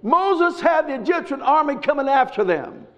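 High-voiced preacher, emphatic sermon. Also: male voice, animated, normal speed. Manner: emphatic, repetitive preaching with sudden shouts. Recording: dull lo-fi recording.

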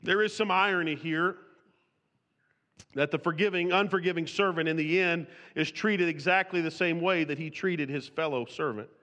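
The speaker is a man preaching an expository sermon in a bright, forceful voice on the high side, at normal speed. He reads scripture in King James wording and frequently restarts and repeats words when speaking freely, all under long hall reverb.

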